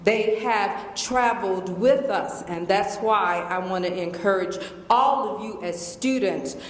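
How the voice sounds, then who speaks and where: Woman, Southern accent, middle-aged, playful and emphatic, slow delivery, echoey hall with long reverb. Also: medium pitch, a little hiss or hum. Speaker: guest lecturer. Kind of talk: lecture Q&A. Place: large lecture hall.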